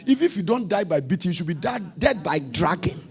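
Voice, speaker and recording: A man with a Ghanaian accent preaching a sermon with fervor, shouting and half-singing his lines and swinging his pitch widely. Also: sing-song, fairly quick, gravelly, soft background music. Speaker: prophet preaching.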